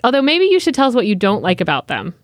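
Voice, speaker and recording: Woman co-host, mid-pitched, chatty with fillers, dry studio sound. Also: huge pitch swings, quick pace, dry recording. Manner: chatty, filler-heavy talk. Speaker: podcast co-host. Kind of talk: casual panel chat.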